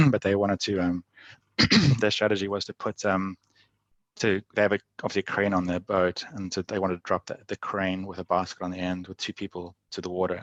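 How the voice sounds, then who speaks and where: A young man, a podcast guest, telling adventure stories in a rambling way, full of "like" and quick laughs. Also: deep voice, fairly bright tone, no room sound. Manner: rambling, heavy use of "like", frequent laughs. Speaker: podcast guest, endurance athlete. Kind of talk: casual storytelling.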